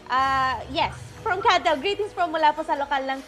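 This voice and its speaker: A woman's voice: high voice, moderate pace, fairly bright tone, faint music behind. A young woman with a Filipino accent co-hosting a live show and reading viewer greetings, bubbly and giggly, switching between English and Tagalog. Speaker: co-host.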